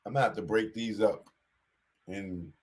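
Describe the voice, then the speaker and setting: A man hosting a show, giving a casual commentary monologue in animated street talk and repeating his warnings. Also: fairly low pitch, normal speed. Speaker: show host.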